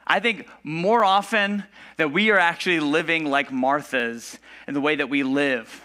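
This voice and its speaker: A man's voice: a little high, sharp tone. A man preaching a casual sermon in a church, talking conversationally with fillers and acting out the people in the story. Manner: conversational, filler-heavy, acts out voices of Bible figures. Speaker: pastor.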